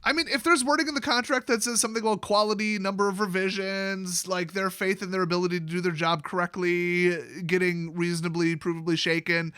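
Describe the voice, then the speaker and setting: A man's voice: sits high, steady tone, a little fast, few pauses, pushed and bright, clear, resonant tone, no room sound, clean studio sound. A man hosting a commentary channel, ranting casually in a sarcastic, mocking way. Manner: sarcastic, mocking, puts on voices for jokes.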